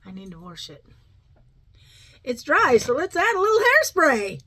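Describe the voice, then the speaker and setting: Lively chatty middle-aged woman vlogger. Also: high-pitched, measured pace, rough recording. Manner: chatty, rambling, talks to her dog in baby talk. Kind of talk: casual chat.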